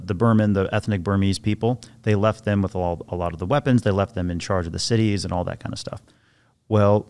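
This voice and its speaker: Guy on a podcast telling stories, kinda low voice, restarts a lot and acts out what people said. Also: clear, resonant tone. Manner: animated storyteller, acts out quoted voices, many restarts. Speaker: podcast guest, former Navy SEAL sniper. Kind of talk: casual storytelling interview.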